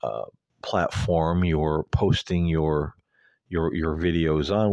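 A man's voice: extremely low pitch, fairly even intonation, slow, a little mellow, dry recording, muffled recording. A man hosting an earnest, rambling monologue, talking casually with lots of fillers into a close mic. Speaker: host.

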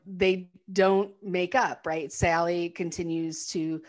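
A woman casually recapping a film's story, chatty and animated, sometimes slipping into the characters' voices. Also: on the low side, slow. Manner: animated retelling, acts out quotes in character voices. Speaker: podcast co-host recapping a film. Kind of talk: casual chat.

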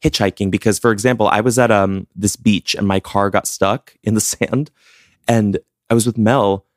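Chatty teasing man with a low voice. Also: fairly even intonation, normal speed, no room sound, studio quality. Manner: chatty, teasing, laughs often, playful impressions. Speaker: podcast co-host. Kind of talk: casual chat.

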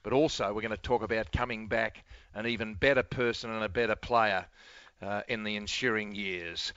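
Bright-voiced Australian radio host. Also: male voice, fairly low pitch, fairly even intonation, smooth, no room sound, highs cut off. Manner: brisk, punchy announcer delivery. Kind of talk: radio interview hosting.

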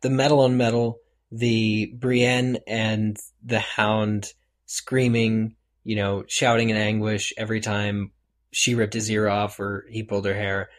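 A man co-hosting a casual podcast discussion, talking in an animated way that rises when he gets excited. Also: lowish voice, unhurried. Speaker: podcast co-host. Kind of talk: casual chat.

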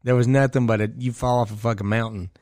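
A roofing contractor telling rowdy stories with swearing in a casual podcast chat. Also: male voice, mid-range voice, steady tone, quick pace, darkish tone, no echo, studio quality. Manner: storytelling with laughs and cursing.

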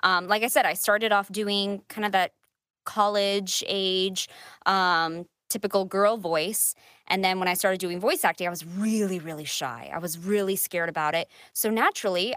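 A woman's voice: medium pitch, moderate pace, fairly bright tone, dry recording. A woman voice actress talks casually on a podcast, with lots of "um" and "like" as she acts out her own thoughts. The recording is dry and close, with no room sound. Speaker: voice actress guest.

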